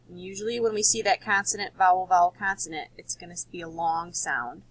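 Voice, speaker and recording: A woman teacher giving a recorded spelling lesson to children, patient and explaining slowly, repeating words. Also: fairly low pitch, fairly bright tone, rough recording.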